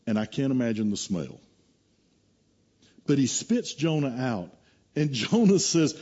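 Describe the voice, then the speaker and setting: A man preaching a sermon, telling a scripture story in a storytelling way, dropping low and hushed and then rising to emphatic, raised lines. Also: husky, dull audio. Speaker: pastor.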